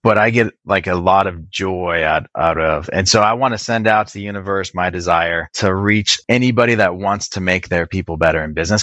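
A man speaking as a podcast guest, earnest and halting, with many restarts. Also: sits low, a bit bright, no room sound. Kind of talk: podcast interview.

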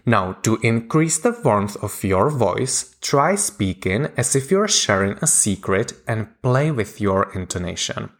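A man calmly narrating a scripted lesson as a communication coach, in a measured, deliberate way with pauses. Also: lowish voice.

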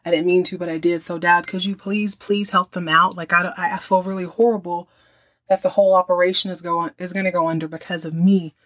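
A woman's voice: fairly low pitch, level tone, a little fast, a bit bright. A woman quoting an earnest pleading young man. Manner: pleading, apologetic.

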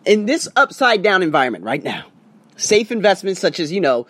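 A man talking to his viewers about money and investing in a rambling, conversational way, slowing down for emphasis. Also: high voice, very animated, a bit bright, no room sound. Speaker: motivational vlogger. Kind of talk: casual talk to camera.

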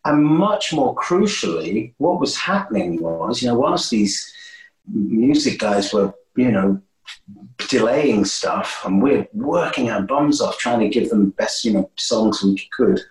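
A man guesting on an interview, telling stories in a lively, animated way with many restarts. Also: unhurried. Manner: animated, swooping pitch, frequent restarts. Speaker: guest musician. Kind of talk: casual interview storytelling. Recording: roomy echo.

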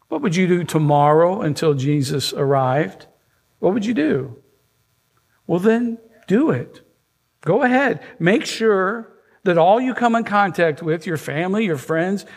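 High-voiced pastor preaching a sermon. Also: male voice. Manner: repetitive, leads call-and-response. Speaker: lead minister. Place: church service.

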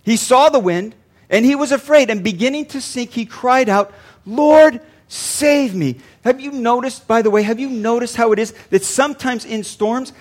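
A man's voice: very high-pitched, normal speed. An older man, a pastor, preaching a sermon earnestly and repeating lines for emphasis.

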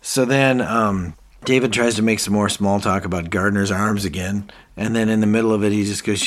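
A man's voice: lowish voice, steady tone, normal speed, few pauses. A man co-hosting a podcast, casually retelling TV scenes and quoting characters. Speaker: podcast co-host. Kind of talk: casual recap chat.

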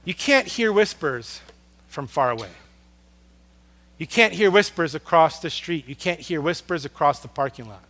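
A man preaching a sermon, earnest and storytelling, swinging from loud emphasis down to a hush on soft words. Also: fairly high pitch, lively intonation, moderate pace. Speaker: pastor.

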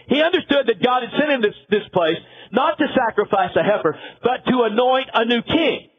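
A man's voice: very high voice, expressive, moderate pace, husky. A man pastor preaching a sermon, telling a biblical story with dramatic flair and acting out the characters. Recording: tinny phone-like sound.

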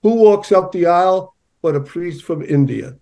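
A man speaking as an interview guest, with a voice set a little higher than most men's. He argues his points with emphasis and slips into anecdotes. His talk is conversational and direct. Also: lively intonation, moderate pace, creaky, crowd noise. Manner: emphatic, storytelling. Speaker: journalist guest.

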